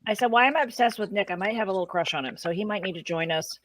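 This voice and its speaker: A woman's voice: medium pitch, racing, fairly bright tone, no room sound. A woman hosting a casual livestream chat, chatty and playful, thinking aloud with fillers. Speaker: host.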